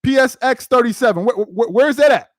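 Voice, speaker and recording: A New York City man with a New York accent and a very high-pitched voice gives emphatic live-stream commentary, repeating his points and using street slang, speaking a little fast. He is an adult with a child, and the recording is dry and studio quality.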